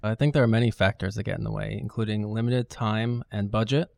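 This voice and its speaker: A man who is a manager, a guest on a podcast, explaining things in a measured, matter-of-fact way. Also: lowish voice, steady tone, creaky, darkish tone, no room sound. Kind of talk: podcast interview.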